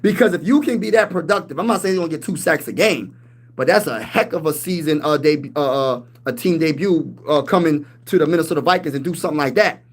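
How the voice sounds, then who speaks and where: A man's voice: fairly high pitch, fast. Hyped, slangy man on a sports stream. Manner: hyped, slangy, reads and answers chat. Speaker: sports channel host. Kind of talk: casual live-stream sports talk.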